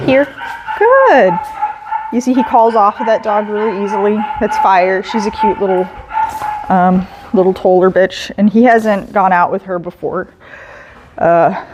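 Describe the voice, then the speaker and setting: A woman dog trainer with a medium-pitched voice explains a training session, giving a dog calm, patient commands and soft praise. The background is noisy.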